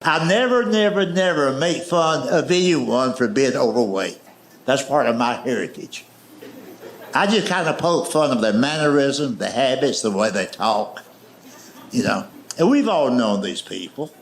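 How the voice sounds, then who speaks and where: A man's voice: medium pitch, sing-song. A man telling folksy stories in a stand-up comedy show on stage. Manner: folksy, drawn-out storytelling, slipping into quoted voices. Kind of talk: storytelling stand-up. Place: live comedy stage before an audience. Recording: live show with audience laughter and noise.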